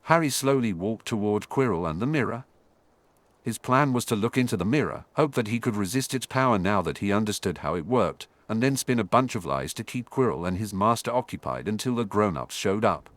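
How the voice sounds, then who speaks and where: A man narrating an audiobook in an animated storytelling manner. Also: on the low side, fairly quick, no room sound. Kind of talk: scripted narration.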